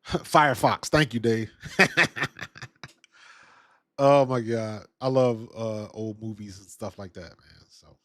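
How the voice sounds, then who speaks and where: Taking his time and pausing often, a man with a lowish, slightly bright voice hosts a loose football live-stream and responds to what viewers type in chat. The sound is clean studio audio with no room sound, and his manner is easygoing.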